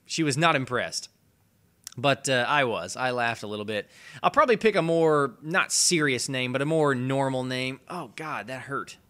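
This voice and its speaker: A hoarse young man rambles through his gameplay commentary, swearing freely and laughing at himself. His pitch jumps around a lot, and his tone stays bright and forceful even with the cold. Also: moderate pace. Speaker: let's play host.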